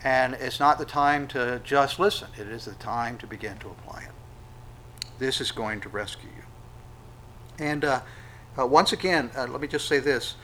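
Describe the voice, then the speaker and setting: A man preaching a sermon, conversational, with sudden loud acted-out quotes. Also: mid-range voice, a little slow, slight background noise, rough recording. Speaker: pastor.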